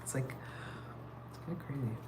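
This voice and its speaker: A livestreaming artist chats casually into a phone while building art pieces in an indoor workspace, speaking at a moderate pace against a noisy background. He rambles in a relaxed way, using plenty of fillers.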